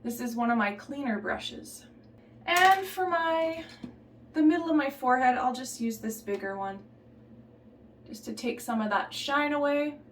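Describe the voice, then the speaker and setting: A woman chatting casually through a makeup tutorial in a relaxed, offhand way, slipping into a put-on Southern belle accent. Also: high-pitched, unhurried, echoey room, distant mic, slight background noise. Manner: relaxed, chatty, trailing off and restarting while applying makeup. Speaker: beauty vlogger.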